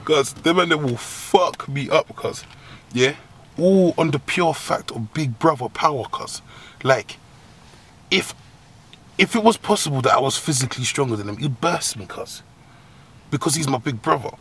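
Loud slangy man ranting. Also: moderate pace, breathy edge. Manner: slangy, profane, laughing, animated swings into high squeals. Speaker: agony-uncle comedy host. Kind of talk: comic advice rant.

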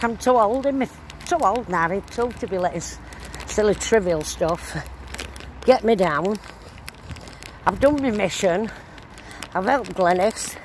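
An older woman talks in a loose, rambling way. She records on a phone as she walks outside. Clear traffic and street noise sit behind her voice. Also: medium pitch. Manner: rambling, chatty, broad dialect. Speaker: vlogger. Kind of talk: casual chat while walking. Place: outdoors on a town street.

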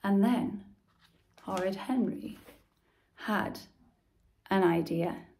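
A woman's voice: medium pitch, vocal fry, slight background noise. A woman reading a children's story aloud expressively as the channel's storyteller. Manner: expressive, slow.

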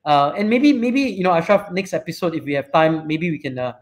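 A man with a Malaysian English accent hosts a casual live chat over a video call, his voice sitting a touch high for a man. He rambles through stories, dotting every thought with "right?" and "you know". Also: expressive, fairly quick. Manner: rambling, frequent fillers and "right?" tags. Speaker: show host and company CEO.

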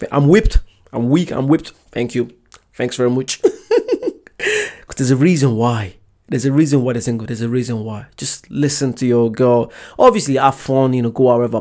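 A man's voice: medium pitch, lively intonation, normal speed, a little mellow. Casual man reacting to a video. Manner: emphatic, repeats his points. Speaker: YouTube reaction host.

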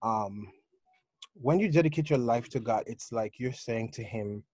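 A man's voice: mid-range voice, measured pace, warm tone, no room sound. A man, a youth leader, answering questions in an enthusiastic, testifying way, often saying "like".

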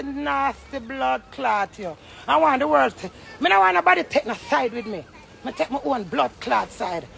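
A woman's voice: high-pitched, normal speed, creaky, fairly bright tone, slight background noise. A Jamaican woman ranting angrily on a phone livestream, heated, profane and accusing. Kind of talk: angry livestream rant.

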